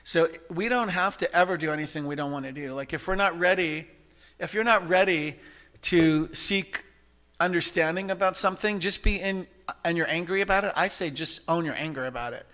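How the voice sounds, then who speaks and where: Male church service leader, bright, a little high, animated and chatty with shouting bursts. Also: fairly quick. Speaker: practitioner leading a service. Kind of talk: sermon. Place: church sanctuary.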